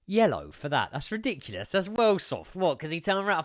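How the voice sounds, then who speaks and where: A young man giving sweary live commentary as a football fan on a watchalong stream, swinging from muttering to shouting. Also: sits high, huge pitch swings, fairly quick, no echo, studio quality.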